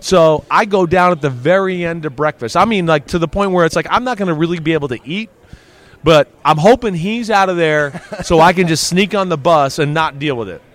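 A middle-aged man tells stories in a relaxed interview. He acts out the people he quotes, and his somewhat high voice swings widely as he does. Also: brisk. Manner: animated, acts out quotes with big pitch swings. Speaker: guest, former football player. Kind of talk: casual storytelling interview.

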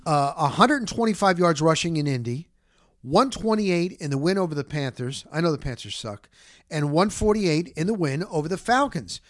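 A man's voice: sits high, no echo, clean studio sound. A man hosting a casual sports talk show, rambling and repeating words for emphasis. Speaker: sports podcast host.

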